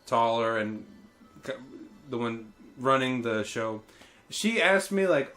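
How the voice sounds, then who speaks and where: A man's voice: mid-range voice, a little slow, a bit bright, faint music behind. A man in his thirties co-hosting a casual, joking chat, swearing freely and acting out quoted remarks. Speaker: podcast co-host playing a game.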